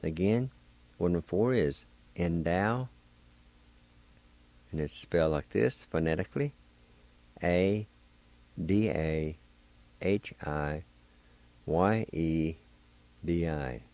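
A man hosting a radio language lesson, spelling words letter by letter and repeating each word slowly. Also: sits low, darkish tone. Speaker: radio host teaching Cherokee words.

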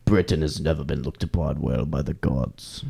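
A man's voice: fairly even intonation, normal speed, creaky, mellow, breathy edge, full character voice. A man as a sneering underworld god. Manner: sneering, low and crude. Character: surly, foul-mouthed male god of the underworld. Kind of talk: improvised comedy sketch.

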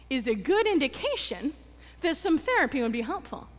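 High-voiced woman pastor in echoing hall. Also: big pitch swings, moderate pace. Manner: storytelling with acted quotes, self-deprecating humor. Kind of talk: conversational sermon. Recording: long reverb of a church hall.

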